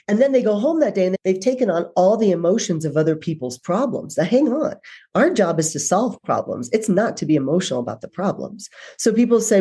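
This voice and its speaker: A woman guest on a podcast, a leadership speaker, talking in a brisk, direct way and acting out dialogue in her stories. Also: medium pitch, big pitch swings, mellow, breathy edge. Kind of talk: casual interview chat.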